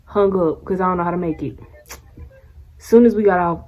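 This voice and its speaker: A woman's voice: on the low side, animated, normal speed, pauses often, dark tone. A young woman vlogging casually, telling a story in a blunt, sassy way and laughing often.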